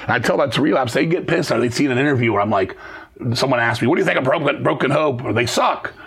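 Speaking in a breathy, mid-range voice, this middle-aged man is a metal musician being interviewed. He races through crude, swear-laden anecdotes with plenty of energy, mimicking the voices of everyone he quotes.

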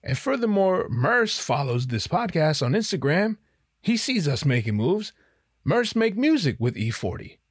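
A man's voice: a little high, very animated, unhurried, slightly rough, no room sound, studio quality. Rambling, profane male podcast host. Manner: rambling, profane, self-mocking. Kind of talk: casual monologue. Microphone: podcast headphones and mic.

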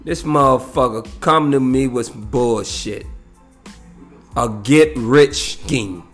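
A man telling a story in a profane, animated rant, peppered with "you know what I'm saying". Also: medium pitch, slow, faint music behind.

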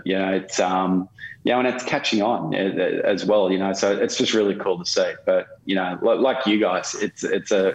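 A man explaining his car-share business in a rambling way, full of fillers and restarts. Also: low voice. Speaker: car-share company representative. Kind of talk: casual interview talk. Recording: roomy echo.

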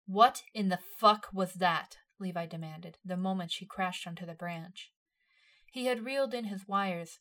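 A woman narrating a dramatic story in a measured, expressive reading voice. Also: lowish voice. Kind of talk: storytelling narration of fan fiction.

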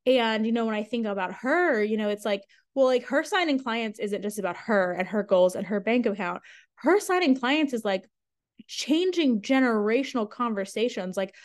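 A woman's voice: on the high side, expressive, normal speed. A young woman hosting her own podcast, talking frankly and chattily with lots of fillers and casual swearing. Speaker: sales coach and podcast host. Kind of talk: casual solo podcast monologue.

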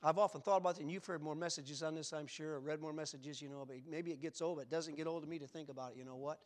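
An older man preaching a sermon, asking the congregation earnest questions and swinging between loud emphasis and quiet reflection. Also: fairly high pitch, fairly even intonation, rapid-fire. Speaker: pastor.

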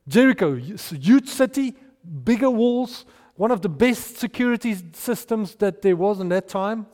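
High-voiced preacher. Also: male voice. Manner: animated, storytelling preacher with restarts and sudden hushed asides. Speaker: pastor. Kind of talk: sermon. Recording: long hall reverb.

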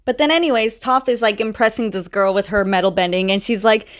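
A woman's voice: fairly high pitch, fast, hardly any pauses. Young adult woman, casual recap host, chatty, acts out quoted lines.

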